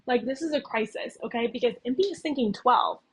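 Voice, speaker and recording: A young woman with a slightly high, breathy voice talks through a game's plot like she is telling a friend. She peppers her sentences with "like" and checks in with "okay?" as she goes. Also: expressive, a little fast, low-quality recording. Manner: chatty, fills talk with "like" and "okay?". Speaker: video essayist recapping a game's story. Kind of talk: casual story recap.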